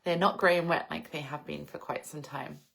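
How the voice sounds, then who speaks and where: A woman's voice: low-pitched, steady tone, brisk, creaky, a bit bright. A woman in her late thirties from England, chatting reflectively on a live stream and answering viewers' comments. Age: 30s. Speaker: vlogger reading live chat. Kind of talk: casual live-stream chat. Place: home in the English countryside.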